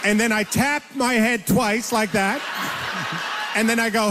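Brief: middle-aged comic from Canada, high voice, lively self-mocking anecdotes, reverberant space. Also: male voice, unhurried, background noise. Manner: animated, self-mocking storyteller. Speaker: comedian guest. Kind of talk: conversational interview storytelling.

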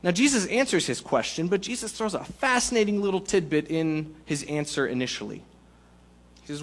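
Lively higher-voiced man preaching. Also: a little fast. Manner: lively, conversational preaching with playful asides. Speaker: pastor. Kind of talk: sermon.

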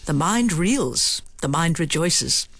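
A woman's voice: deep voice, big pitch swings, slow pace, gravelly, a bit bright, no room sound. A theater actor, a woman, giving a thoughtful, wry scripted radio essay from a studio. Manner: thoughtful, wry, trying out many line readings.

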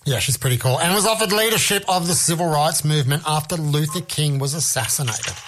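A man's voice: fairly high pitch, fairly quick, a bit bright, a little hiss or hum. A man hosting a music radio show, chatting casually and joking with imagined listeners. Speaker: radio host.

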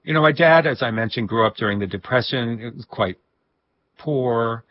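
A man recalling personal memories in a reflective interview, with a husky voice and soft laughs. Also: mid-range voice, moderate pace, no echo, dull audio. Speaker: guest. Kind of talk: reflective storytelling.

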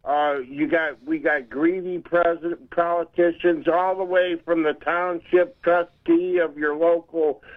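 A man's voice: a little high, flat delivery. Indignant male caller on a tinny phone line. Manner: indignant, halting with many fillers. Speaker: radio call-in caller. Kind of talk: phone-in rant.

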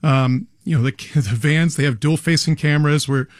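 A man speaking as an expert guest on a radio show, explaining things earnestly and often restarting his sentences. His voice is a little high, and it is recorded dry and close. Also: normal speed, dry recording. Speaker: garage door company guest expert. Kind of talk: radio interview answers.

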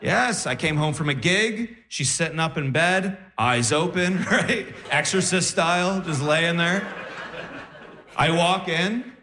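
A young man performing a stand-up comedy set on stage, animated, with sudden high-pitched exclamations. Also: takes it slowly, slight background noise. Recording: echoey room.

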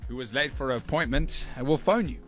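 Playful radio host. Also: male voice, medium pitch, soft background music. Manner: jokey and teasing, quick asides. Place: radio studio.

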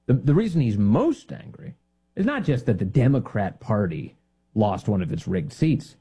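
A man hosting a political radio talk show, sarcastic and animated, laughing often as he mocks. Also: a little high, husky. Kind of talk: mocking political commentary.

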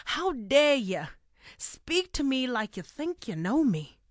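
A woman putting on a South American accent to recite a short stanza slowly and dramatically over the radio. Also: high voice, very animated, dry recording, studio quality, exaggerated voice. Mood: dramatic. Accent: put-on South American.

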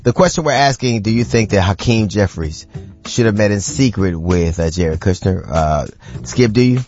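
An animated man hosts a casual talk show, bantering and opinionated, his voice sitting slightly low. The sound is dull and lo-fi, with faint music underneath. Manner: animated, joking, quick repeated restarts.

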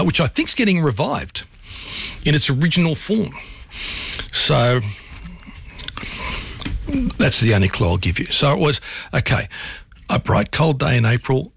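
A man's voice: on the high side, vocal fry, a bit bright, no room sound. An Australian man hosting late-night talkback radio, chatty and rambling as he thinks aloud. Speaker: radio host. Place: radio studio. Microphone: studio microphone.

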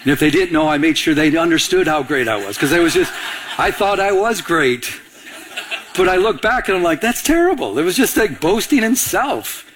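A male pastor with a high, bright-edged voice delivers a lively sermon in a church. He keeps the congregation involved, pausing so they can call out the missing word. His delivery swings between playful and earnest. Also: noisy background. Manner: animated, asks the congregation to fill in words. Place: church before a live congregation.

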